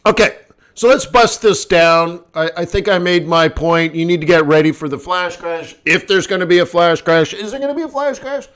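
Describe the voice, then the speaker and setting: A man hosting a live trading stream, telling stories in a lively casual way and acting out the people he quotes. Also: on the high side, normal speed, clear, resonant tone. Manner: animated, acts out quoted people. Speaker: forex trading host. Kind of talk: live stream chat and storytelling.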